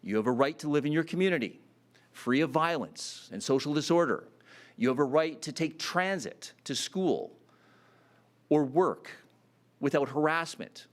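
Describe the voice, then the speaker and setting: A man's voice: on the high side, lively intonation, normal speed. A man giving a campaign speech at a public announcement, earnest and full of fillers and restarts. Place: announcement event.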